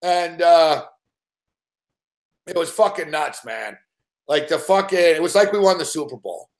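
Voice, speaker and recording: Profane, excitable man with a higher voice. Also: unhurried. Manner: swears constantly, rambling and excitable. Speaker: sports betting show host. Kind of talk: profane casual storytelling.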